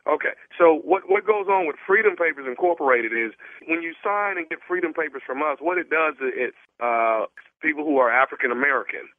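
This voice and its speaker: A man making a prank phone call, posing as a salesman with an earnest pitch full of stumbles and restarts. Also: expressive, a little fast, dry recording. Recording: tinny phone line.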